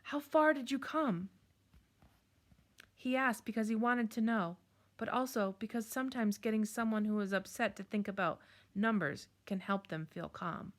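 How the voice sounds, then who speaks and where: A woman reading a children's chapter book aloud in a calm, measured storytelling manner. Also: mid-range voice. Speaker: storybook reader.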